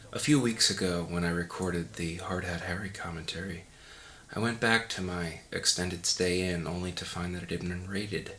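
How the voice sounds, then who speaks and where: A man's voice: low voice, bright, forceful tone, a little hiss or hum. A man giving a mock audio commentary in a pompous, condescending, rambling way. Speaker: commentary host.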